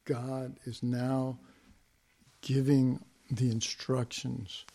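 A man preaching a sermon, swinging from hushed whispers to loud emphasis, with folksy, chuckling asides. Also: on the high side, lively intonation, unhurried, long pauses.

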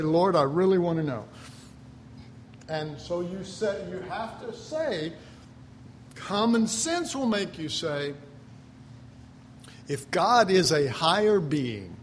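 A man with a fairly high voice preaches in a relaxed, chatty way, as though talking things through with his congregation. He leans on homey stories and slips into little acted-out voices for the people in them. A faint hiss sits under the recording. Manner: conversational, folksy preaching with stories and chuckles; acts out quoted voices. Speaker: pastor. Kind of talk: sermon.

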